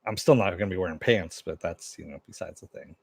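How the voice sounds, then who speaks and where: A man's voice: sits low, quick pace, creaky, breathy edge, no echo. A man hosting a casual live-stream chat about TV shows, answering viewers at home in a loose, rambling way with many fillers. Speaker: show host.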